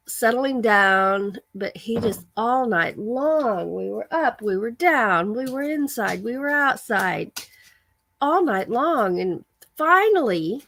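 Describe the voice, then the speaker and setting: A woman hosts a casual livestream, chatting and telling stories in a bright, clear voice. She reads out viewer comments as she goes. The sound is dry and close, with no room echo. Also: mid-range voice. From American. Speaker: livestream host. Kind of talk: casual live-stream chat.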